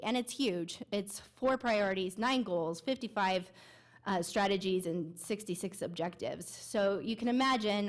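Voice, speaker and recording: A woman with a stuffy, congested cold voice presenting a community health plan at a board meeting, speaking into a mic. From Nevada. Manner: nasal, low congested voice. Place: meeting room. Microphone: handheld mic.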